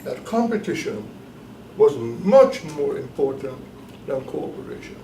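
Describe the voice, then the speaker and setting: A man's voice: mid-range voice, big pitch swings, vocal fry, dark tone, a little hiss or hum. Emphatic lecturing man in an echoey room. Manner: deliberate, emphatic, repeats key points. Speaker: professor leading a course. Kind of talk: classroom lecture. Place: bookstore cafe classroom. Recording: echoey room, mic at a distance.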